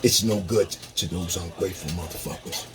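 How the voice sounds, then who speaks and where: A man vlogging a profane, heated rant, dropping to low mutters and jumping to high-pitched outbursts. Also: normal speed, over music. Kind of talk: profane ranting monologue. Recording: noisy, running water tap behind.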